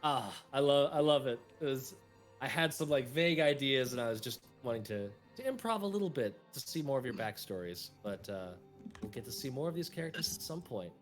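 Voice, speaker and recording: A man's voice: mid-range voice, brisk, faint music behind. A man running a tabletop game as game master, narrating and then chatting casually with players, laughing often. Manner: laughs often, animated when excited.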